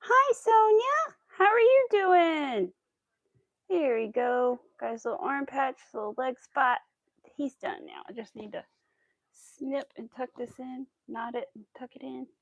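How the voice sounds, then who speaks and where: A woman hosting a casual crochet livestream, chatting to her viewers as she works and cooing at her cat in a high baby voice. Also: fairly even intonation, moderate pace, gravelly, dry recording, lo-fi sound. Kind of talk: casual chat while crocheting.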